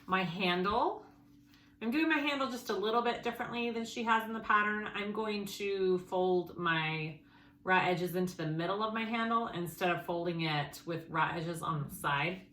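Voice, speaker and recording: A woman's voice: mid-range voice, moderate pace, fairly bright tone. A woman hosting a casual sewing tutorial, chatting as she goes over her pieces and correcting herself along the way. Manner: chatty, thinking aloud, self-correcting. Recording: echoey room, faint background noise.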